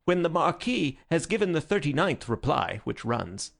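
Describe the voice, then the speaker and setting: A man voicing a tipsy, witty young gentleman in an audiobook, with a grand, bubbling delivery. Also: fairly high pitch, very animated, moderate pace, gravelly, voice pushed up, exaggerated voice. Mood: giddy. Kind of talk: audiobook character voice.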